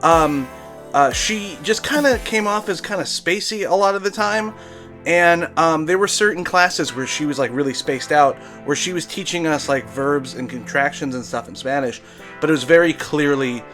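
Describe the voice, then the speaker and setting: A man's voice: a little high, moderate pace, fairly bright tone, soft background music. A young adult man from Brooklyn, telling a rambling, profane comedy story in a casual monologue. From Brooklyn, New York.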